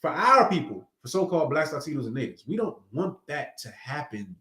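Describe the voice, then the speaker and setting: A man's voice: fairly high pitch, sing-song, brisk, sharp tone. A man preaching an informal sermon in a conversational, emphatic way, acting out quoted voices as he teaches. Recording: roomy echo.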